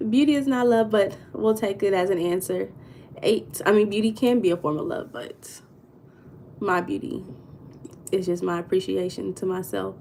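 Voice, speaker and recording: Reading out viewer comments on her relaxed live stream, an American woman welcomes people by name and responds to them. She speaks at normal speed in a mid-range, dark-toned voice, with a little hiss or hum in the audio.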